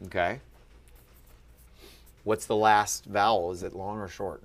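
Male teacher, low register, encouraging one-on-one quizzing. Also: level tone, measured pace. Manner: patient, quizzing, upbeat. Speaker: Ancient Greek teacher. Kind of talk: one-on-one lesson.

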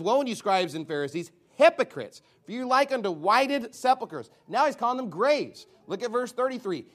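A man preaching a fiery sermon who reads scripture aloud, throws rhetorical questions at the congregation and bursts into shouted lines. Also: high-pitched.

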